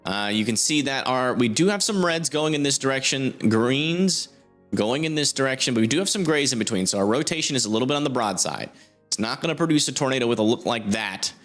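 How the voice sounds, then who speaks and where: A man's voice: medium pitch, animated, a little fast, a bit bright, soft background music. A young man hosting a live weather stream, commenting informally on a storm on radar, thinking aloud with many fillers. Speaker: storm chaser livestream host.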